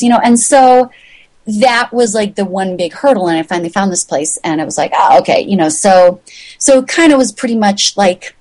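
A woman's voice: animated, a little fast, a little mellow, poor audio. Chatty woman acting out her own story. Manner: chatty, rambling, acts out quoted voices with big pitch jumps. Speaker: magazine founder, guest. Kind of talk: casual interview storytelling.

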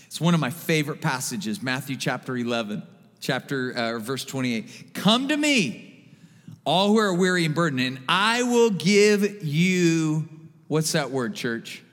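A man preaching a sermon as pastor, animated, dropping to a hush and then rising loud. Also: mid-range voice, long reverb tail. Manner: animated, swings from hushed to loud. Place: church sanctuary.

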